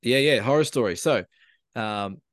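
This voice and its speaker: A man with an Australian accent, a podcast co-host telling a lively, animated story in casual chat. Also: medium pitch, moderate pace, no echo.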